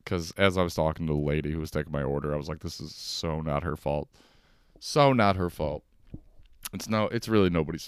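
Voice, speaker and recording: A man with a low, smooth and resonant voice talks in a loose, rambling podcast rant, cursing freely and staying laid-back. The sound is dry and close. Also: dry recording. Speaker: podcast host. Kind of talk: casual solo podcast rant. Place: home couch.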